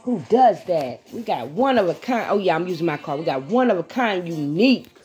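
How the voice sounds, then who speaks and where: A woman's voice: fairly low pitch, fairly quick, faint music behind. A woman venting to her viewers in a casual, blunt, profane way, then drifting into a tarot reading. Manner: animated, blunt and profane, talks straight to her audience. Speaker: vlogger doing a live tarot reading.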